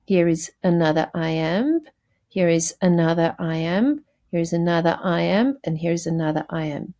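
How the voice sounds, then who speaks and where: Woman teacher going thru a poem, slow and kinda low, lots of ums and restarts. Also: warm tone. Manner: explanatory, addresses students directly; frequent fillers and self-corrections. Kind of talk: recorded lesson, poetry analysis.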